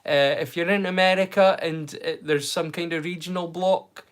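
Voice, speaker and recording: Chatty man from the far north of the UK hosting a live stream, fairly high-pitched, rambling delivery. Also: steady tone, moderate pace, clean tone. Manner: rambling, chatty, frequent restarts. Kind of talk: casual live-stream chat.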